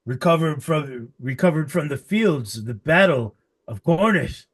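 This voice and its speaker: A man's voice: a little high, lively intonation, measured pace, husky. A man voicing a big, nervous and greedy half-orc horse trader who stammers while he haggles. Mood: haggling.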